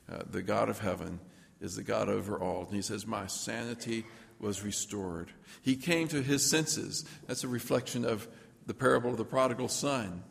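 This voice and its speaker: Gravelly man preaching in a hall. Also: medium pitch. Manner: reads scripture aloud, then explains it. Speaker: pastor. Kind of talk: sermon.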